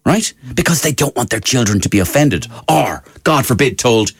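A man's voice: medium pitch, lively intonation, moderate pace, breathy edge. A middle-aged man, hosting a radio show and delivering an emphatic opinion piece with many fillers. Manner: emphatic, rising to indignant outbursts with many fillers. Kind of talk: opinion monologue.

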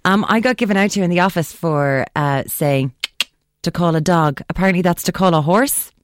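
A woman's voice: lowish voice, moderate pace, no echo. An Irish woman hosting a casual radio show, chatting, laughing easily and reading out listener messages from a studio mic. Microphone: studio microphone.

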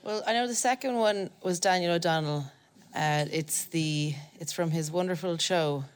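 A woman, a comedian on a panel show, chipping in quickly. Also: fairly low pitch, clear, resonant tone. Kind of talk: comic banter.

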